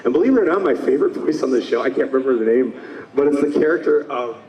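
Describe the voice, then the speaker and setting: A man in his fifties, a voice actor talking at a convention panel, enthusiastic and slipping into quick character voices. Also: mid-range voice, expressive, warm tone, distant mic, muffled recording. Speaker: voice actor guest. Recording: roomy hall, mic from afar.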